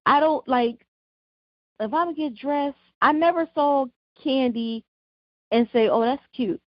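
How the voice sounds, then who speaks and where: A woman co-hosting a casual podcast, giving relaxed opinions with lots of "like" and "you know". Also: high-pitched, no room sound, muffled recording. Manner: relaxed, drawn-out opinions with many fillers. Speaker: podcast co-host. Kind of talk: casual chat.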